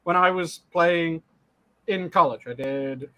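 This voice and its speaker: This is a man with a notably high voice, chatting casually with a co-host. He acts on stage and tells his stories with emphatic energy. Swearing comes naturally to him as he makes his points. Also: slow pace, sharp tone. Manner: emphatic, profane storytelling. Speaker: podcast co-host and stage actor. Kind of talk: casual online chat.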